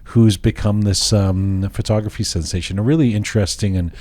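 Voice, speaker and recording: A man's voice: lowish voice, steady tone, brisk, darkish tone, dry recording. A middle-aged man, hosting a podcast and bantering playfully with his team in the studio. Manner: teasing, playful. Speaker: podcast host.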